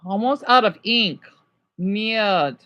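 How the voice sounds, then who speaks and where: A man's voice: high voice, animated, slow, pushed and bright, no echo. A man casually teaching French words on a livestream, rambling and correcting himself while answering chat.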